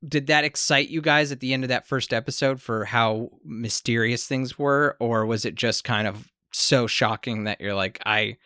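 Bright-voiced man, rambling game master. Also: medium pitch, moderate pace, few pauses, clear, resonant tone, no room sound, studio quality. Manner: rambling, self-deprecating. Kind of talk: casual podcast chat.

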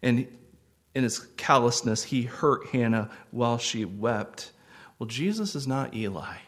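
Slow, earnest male pastor preaching. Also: medium pitch, animated. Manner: slow, earnest and gentle, with sudden swells of intensity. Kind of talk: sermon.

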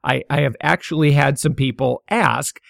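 A man's voice: mid-range voice, moderate pace, gravelly, a bit bright, no echo, studio quality. Stammering man hosting a podcast. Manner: stammering, many fillers and restarts. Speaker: podcast host. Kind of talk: casual solo podcast talk.

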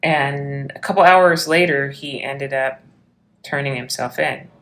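A woman's voice: extremely low pitch, a little slow, a bit bright. A woman police officer telling a story from her work in an interview, acting out the quoted lines.

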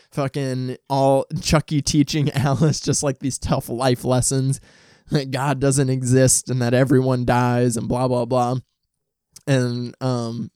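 A man rambles happily through his thoughts on a horror sequel, full of ums and likes and the odd swear word. His voice is smooth and clear. The sound is dry and close, with no room echo. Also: mid-range voice, darkish tone. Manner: chatty, enthusiastic, many ums and likes, swears. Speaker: film reviewer. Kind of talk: casual film review talk. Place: home, dog nearby.

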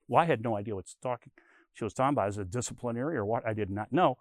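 A man's voice: medium pitch, animated, fast, dry recording. An older man giving a conversational Bible lesson, telling stories and explaining with everyday comparisons. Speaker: Bible teacher.

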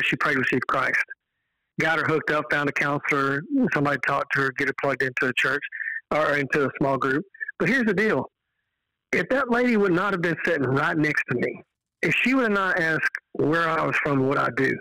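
Man, Texan accent, earnest storyteller, bright tone, dry close sound. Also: on the high side, dry recording, low-quality recording. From Texas. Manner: earnest, animated storyteller who quotes dialogue. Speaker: podcast guest, evangelist. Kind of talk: casual storytelling on a podcast.

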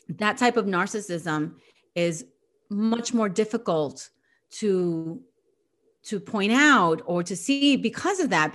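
A middle-aged woman explains emotional patterns in families in a reflective, gentle talk. She speaks slowly and deliberately, often stopping on filler phrases as she thinks aloud. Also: medium pitch.

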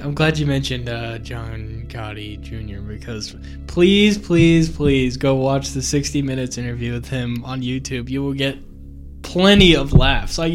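A podcast co-host in casual chat, laid-back and jokey, reading notes in a flat voice at times. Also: medium pitch.

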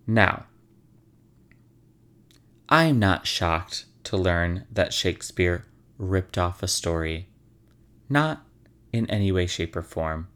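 A man's voice: lowish voice, fairly bright tone, smooth. A man hosting, telling stories in a casual, wry and sarcastic way, swearing freely. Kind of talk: casual storytelling.

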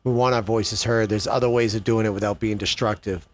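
A man's voice: fairly low pitch, steady tone, fairly quick. A man hosting a political commentary show, delivering an impassioned opinion monologue with indignant questions to his listeners.

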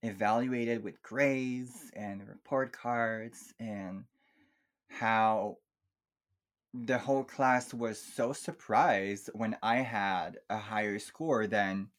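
Soft-spoken reflective man, low voice. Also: fairly even intonation, extremely slow. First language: not English. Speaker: podcast guest. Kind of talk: casual chat about emotional healing.

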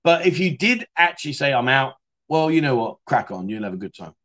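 A man's voice: mid-range voice, very animated, fairly quick, fairly bright tone. A middle-aged man hosting a casual livestream chat show, talking matily and reading out viewer comments. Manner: chatty, matey, reads out viewer comments. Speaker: livestream host.

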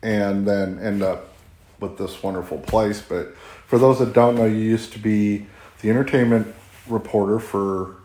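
A male interviewer setting up his questions with background in a measured way. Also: on the low side, steady tone, dark tone. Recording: roomy echo.

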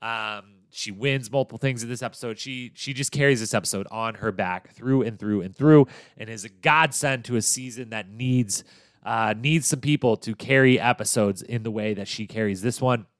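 A man hosts a podcast and talks casually through a recap, upbeat and chatty with plenty of fillers and restarts. His voice is smooth and resonant at an ordinary pitch. The recording is dry and close, with no room sound. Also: moderate pace, no echo. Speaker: podcast host.

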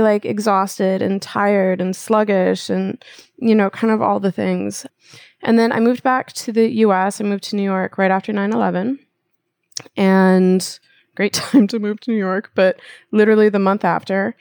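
A woman's voice: mid-range voice, steady tone, moderate pace, a little mellow, dry recording. A woman guest telling a personal story and explaining with analogies in a casual interview. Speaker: acupuncturist guest.

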